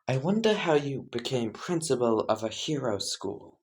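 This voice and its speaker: A woman's voice: extremely low pitch, very animated, normal speed, darkish tone. A woman voicing an exasperated male hero teacher who rants in disbelief. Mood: dry. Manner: incredulous, ranting.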